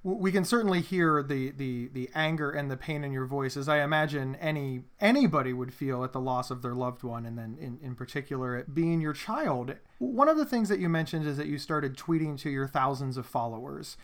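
A man hosting an interview, asking measured, empathetic questions. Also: mid-range voice, expressive. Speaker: host.

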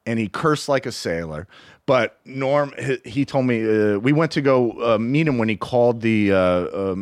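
A man's voice: lowish voice, no room sound, clean studio sound. A man who is a podcast guest, telling profane stories in casual chat and laughing often.

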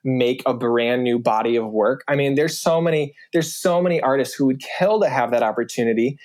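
A man's voice: medium pitch, a little mellow. A man talking as a guest on a casual podcast, loose and filler-heavy, with lots of "like"s. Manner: fast, filler-heavy talk with many "like"s.

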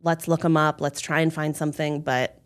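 A young adult woman in casual podcast chat, recounting events with lively acted-out quotes. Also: deep voice, brisk. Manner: animated storyteller, acts out quotes loudly. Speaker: podcast co-host telling her birth story.

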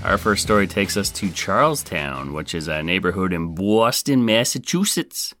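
Deep-voiced wisecracking man hosting a podcast. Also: sing-song, normal speed, fairly bright tone, no echo, clean studio sound, faint music behind. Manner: wisecracking, sarcastic, playful. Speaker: podcast host. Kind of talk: comedic true-crime podcast narration.

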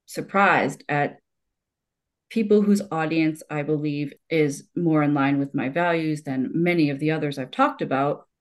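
Deep-ish woman in her 40s, rambly podcast chat, lots of restarts. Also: darkish tone. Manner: rambling, restarts, frequent laughs. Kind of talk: conversational podcast talk.

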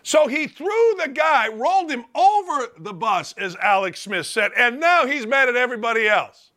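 A male sports talk host with a high, bright voice. He rants loudly and emphatically, his pitch jumping all over as he builds his case. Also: big pitch swings, normal speed. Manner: loud, ranting and emphatic. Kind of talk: opinionated sports talk monologue.

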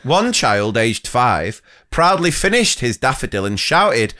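A man's voice: mid-range voice, big pitch swings, a little slow, few pauses, sharp tone. A young adult man co-hosting a teachers' podcast, reading listener stories in casual chat and laughing often.

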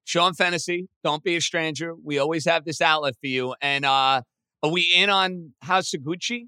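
A man hosting a sports podcast in casual, excitable talk. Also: normal speed, smooth, no echo. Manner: excitable, chatty, pitch jumps when animated.

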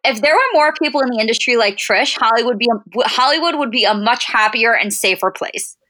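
A woman's voice: on the high side, a little fast, pushed and bright, no echo. A woman co-hosting a podcast in casual chat, with a wry, teasing manner. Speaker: podcast co-host.

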